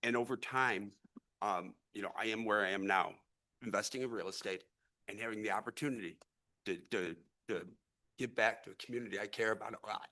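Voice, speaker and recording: Earnest rambling man with a bright voice. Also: on the low side, a little fast. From St. Louis area, US. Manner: earnest, rambling, repeats and restarts words. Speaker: real estate investor addressing a public meeting. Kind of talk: impassioned public speech. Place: city council meeting room.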